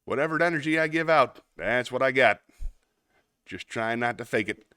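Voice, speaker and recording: A man's voice: mid-range voice, normal speed, pushed and bright, clean tone, no room sound, studio quality. A man hosting a casual livestream, rambling in a self-deprecating way and answering chat messages aloud. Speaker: livestream host.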